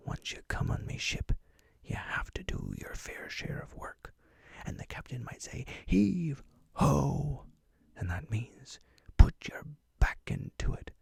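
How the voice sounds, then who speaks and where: A man's voice: medium pitch, vocal fry, slightly rough, no echo, heavily acted. A man doing whispered role-play as a jolly, grandiose pirate captain, speaking in flowery pirate dialect. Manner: flowery, theatrical, teaching pirate slang. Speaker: ASMR host.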